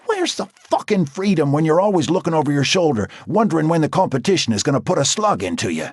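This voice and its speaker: A man's voice: fairly high pitch, sing-song, quick pace, husky, dry recording, clean studio sound, voice pushed up. A man voicing a blunt, world-weary biker who talks crudely in an audiobook. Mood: gruff. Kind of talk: audiobook character voice.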